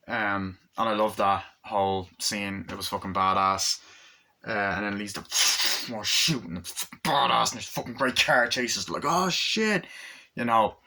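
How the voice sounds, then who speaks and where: Casual male reviewer, lowish voice with a tense, bright edge, profane, rambling retelling. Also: steady tone, moderate pace. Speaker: movie reviewer.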